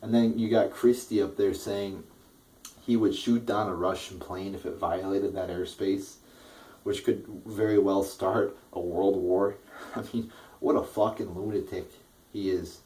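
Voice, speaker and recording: Low-voiced man ranting angrily. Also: steady tone, measured pace, warm tone, distant mic, poor audio. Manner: heated, profane, stammering restarts. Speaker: political vlogger. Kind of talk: angry political rant.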